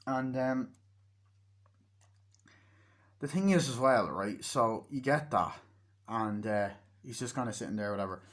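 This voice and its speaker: A man's voice: medium pitch, expressive, moderate pace. A young man giving a casual movie review, rambling with plenty of swearing and acting out scenes as he retells them.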